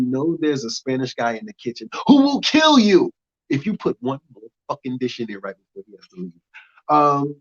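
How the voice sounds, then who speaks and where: A young American man performing a stand-up set with lively swings between loud punchlines and low muttered asides. His voice is mid-pitched and comes through dull, lo-fi stream audio. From United States. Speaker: stand-up comedian.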